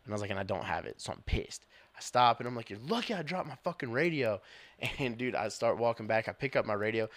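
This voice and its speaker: Young male cop, podcast co-host. Animated storyteller, curses freely, dry close sound. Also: medium pitch, fast, no room sound. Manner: animated, swearing, laughing while telling stories. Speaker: police officer, podcast co-host. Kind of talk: casual storytelling chat.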